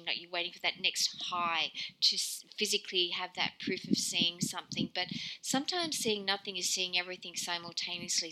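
A woman leading a guided meditation, talking softly and meanderingly, with frequent small giggles. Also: medium pitch, low-quality recording.

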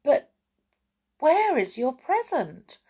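A woman voicing a kindly grown-up lady who hosts a children's party, speaking warmly. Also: sits high, sing-song, slow pace, voice pushed up, full character voice. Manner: warm, gently surprised.

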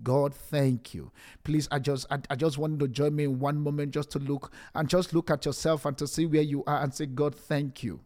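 A man's voice: on the high side, flat delivery, fairly quick, few pauses, a little mellow. A man streaming an emotional sermon, pleading and repeating himself, often stumbling over his words in restarts. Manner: pleading, repetitive, stammering restarts. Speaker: preacher streaming a message.

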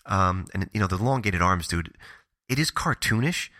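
A man co-hosting a podcast, gushing with animated storytelling in casual horror movie chat. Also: low voice, moderate pace, dry recording, studio quality. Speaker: podcast co-host.

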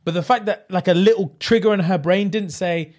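A young man, co-hosting a casual chat podcast, animated and swearing freely as he acts out scenes. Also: high voice, brisk. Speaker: podcast co-host.

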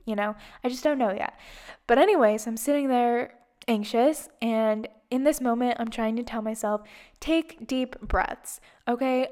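A young adult woman hosting a podcast, telling a story in a casual, animated way and acting out her own nervous thoughts. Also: a little high. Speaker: podcast host.

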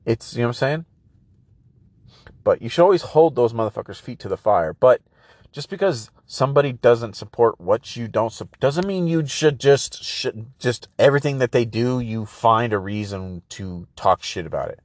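A man's voice: mid-range voice, lively intonation, normal speed, no room sound. A man hosting a podcast in a casual political rant, rambling and profane, full of filler words and "bro". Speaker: podcast host.

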